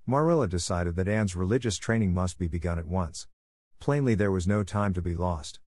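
A man reads a classic novel aloud in a measured, even audiobook style. His voice sits on the low side, and the recording is close and dry with no room sound. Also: no echo. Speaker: narrator. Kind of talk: audiobook narration.

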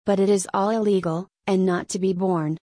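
A woman's voice: medium pitch, fairly even intonation, moderate pace, mellow, dry recording, studio quality, close to an everyday voice. A woman reading the lines of a terrified, cowardly male ex-chancellor who pleads in panic, in a storybook.

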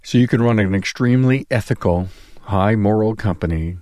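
A man hosting a podcast interview, calmly summing up his guest's points and asking follow-up questions. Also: lowish voice, no room sound, studio quality. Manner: measured, summarizing the guest's points. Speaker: podcast host. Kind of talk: interview conversation.

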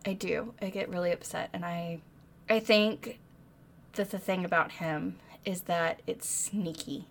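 Animated woman recapping a book. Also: lowish voice, unhurried, gravelly. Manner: animated, swearing, dramatic retelling. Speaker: podcast co-host. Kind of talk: casual book-club chat.

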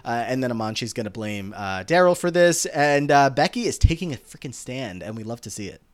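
A man chatting on a podcast with a swooping, lively voice, recapping scenes and jumping into the characters' lines with exaggerated flair. His pitch sits in the middle of the male range, and his delivery is loose and conversational. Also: brisk. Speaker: podcast co-host recapping episodes. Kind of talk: casual podcast chat.

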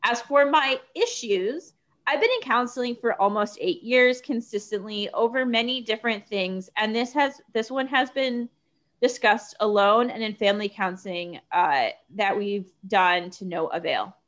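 A woman reading a written post aloud in a steady, measured way. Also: on the high side.

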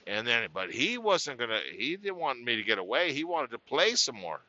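A man's voice: mid-range voice, very animated, moderate pace, sharp tone. A man telling a humorous childhood story in a chatty, folksy, self-deprecating way, with laughs and restarts. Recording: slightly dull lo-fi recording.

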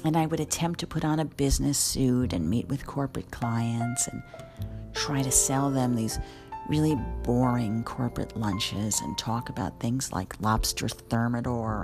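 A middle-aged woman, a caterer and event planner, telling a story in a candid, wry, animated way. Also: very deep voice, a little slow, over music. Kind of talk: casual storytelling monologue.

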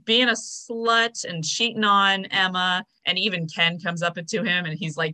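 A woman's voice: on the low side, fairly even intonation, unhurried, hardly any pauses, bright, forceful tone. A young woman co-hosting a podcast, casually recapping a TV episode, chatty and full of fillers. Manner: chatty, filler-heavy, storytelling. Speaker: podcast co-host.

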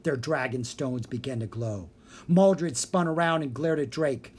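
A narrator reading a children's fantasy book aloud with steady storytelling. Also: medium pitch, measured pace, a little hiss or hum. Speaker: audiobook narrator.

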